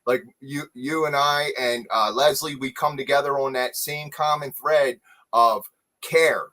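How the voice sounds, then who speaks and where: A man's voice: medium pitch, steady tone, measured pace, pushed and bright. A man being interviewed as a guest, talking earnestly about his recovery housing work with frequent chuckles. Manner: earnest, chuckling, restarts words. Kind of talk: casual chat.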